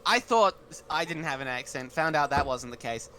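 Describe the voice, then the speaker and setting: A man's voice: fairly high pitch, expressive, normal speed, sharp tone, a little hiss or hum. A man, chatting casually as a podcast co-host and thinking aloud as he talks. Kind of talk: casual online podcast chat.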